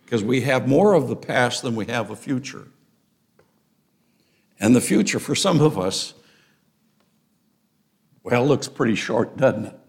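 Older male pastor, gravelly, unhurried, emphatic sermon delivery. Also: mid-range voice, a little mellow. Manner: deliberate, emphatic preaching with rising stresses. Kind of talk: expository sermon.

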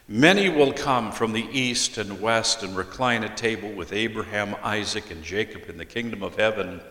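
A man preaching an expository sermon as a pastor, deliberately reading scripture aloud and explaining it. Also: lowish voice, pushed and bright. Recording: echoey hall with long reverb.

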